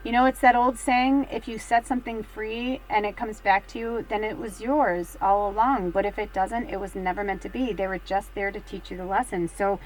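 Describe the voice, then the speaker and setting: A chatty middle-aged woman giving a card reading at home, speaking at an ordinary pitch with a loose, rambling flow. She keeps dropping to a hush, then lifting with excitement. A faint ambient hum sits under her voice. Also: normal speed, few pauses, rough recording. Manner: chatty, rambling, full of fillers; expressive, swings between hushed and excited. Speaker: tarot card reader. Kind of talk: casual card reading chat.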